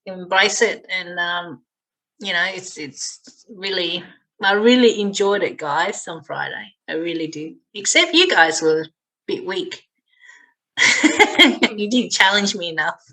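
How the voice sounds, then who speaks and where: A woman's voice: lowish voice, animated, a little slow, bright, forceful tone, low-quality recording. A woman in a casual group chat who talks playfully and teases the others. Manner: playful, teasing, laughs easily. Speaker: group discussion participant.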